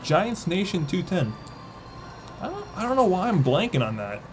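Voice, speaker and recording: A young man calling a baseball game live on a stream in casual play-by-play, chatting with viewers between pitches. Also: sing-song, moderate pace, background noise. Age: young adult.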